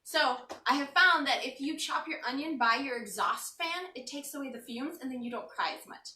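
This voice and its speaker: Teary woman cooking live at home, joking with viewers, high sharp voice, echoey kitchen, far from the mic. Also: lively intonation, moderate pace. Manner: chatty and joking, reads viewer comments aloud. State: teary from chopping onions. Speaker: cooking show host. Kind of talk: casual live cooking stream.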